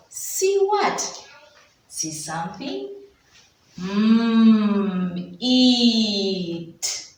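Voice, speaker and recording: Slow, lively Ugandan woman teaching phonics. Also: medium pitch, distant mic. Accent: Ugandan English. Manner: slow, drawn-out sounds, storytelling to children. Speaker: preschool teacher. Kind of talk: children's phonics lesson. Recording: echoey room, voice off-mic.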